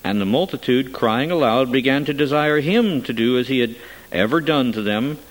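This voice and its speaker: Man giving a measured solemn scripture reading. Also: mid-range voice, animated, poor audio. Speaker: scripture reader.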